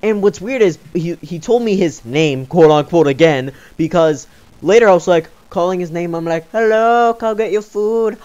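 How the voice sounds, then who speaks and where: A man's voice: on the high side, normal speed, a little mellow, dull audio. A young man telling a story in a casual vlog, rambling with many fillers and sounding exasperated. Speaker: YouTuber.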